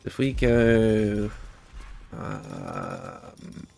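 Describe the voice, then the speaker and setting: A man's voice: fairly low pitch, huge pitch swings, drawn-out words, vocal fry, darkish tone, slight background noise. Chatty British man streaming a game. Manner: thinks aloud, chatty, laughs often. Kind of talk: casual gameplay livestream commentary.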